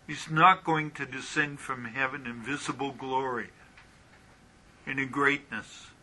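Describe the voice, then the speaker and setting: Slow, bright-voiced male Bible teacher. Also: medium pitch, steady tone, slight background noise, poor audio. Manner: halting with frequent ums, asks rhetorical questions.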